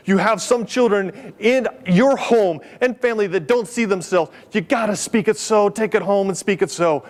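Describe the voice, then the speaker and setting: A middle-aged man giving a keynote speech, telling stories in a lively way and acting out the voices of the people in them. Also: high voice, moderate pace, few pauses. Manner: animated, acts out quoted voices. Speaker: keynote speaker. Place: conference hall.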